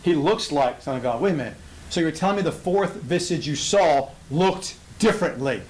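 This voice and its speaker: Animated man teaching the Bible. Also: a little high, moderate pace, a little hiss or hum, rough recording. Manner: acts out characters with excited exclamations.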